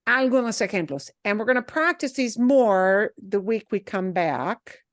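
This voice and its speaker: A woman teaching a class, patiently explaining and rephrasing, slipping in short Spanish phrases with a chatty, lively manner. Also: medium pitch, moderate pace, dry recording.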